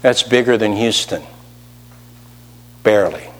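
Animated male preacher in a reverberant hall. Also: lowish voice, measured pace. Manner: animated, rising emphasis and rhetorical questions. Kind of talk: sermon.

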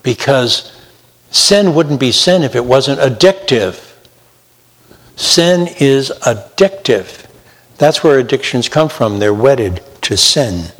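A man delivers a sermon in an emphatic, conversational way, now and then mimicking the excuses of his listeners. His voice sits at an ordinary middle pitch. A long reverb trails each phrase, as in a large hall. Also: expressive, slow. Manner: emphatic, rising into mocking imitations of sinners. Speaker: preacher.

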